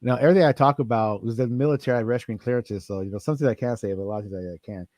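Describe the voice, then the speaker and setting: Brief: male host, mid-pitched, animated and profane storyteller, dry close mic. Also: very fast, no room sound. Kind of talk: casual chat.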